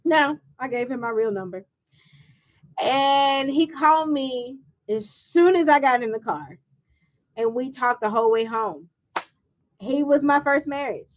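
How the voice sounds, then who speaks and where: A woman, hosting her show and telling a personal story with lively acted-out quotes and laughs. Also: high voice, unhurried. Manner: animated, acts out quoted voices with laughs. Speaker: show host and founder. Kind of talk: personal storytelling to a live audience.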